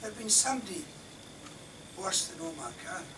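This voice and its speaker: An older man from Scotland gives an impassioned lecture as a defence lawyer. He talks rhetorically, rising to loud emphasis and dropping to near-whispers. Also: high-pitched, animated, moderate pace. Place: university lecture hall. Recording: distant mic in a lecture hall, faint room noise.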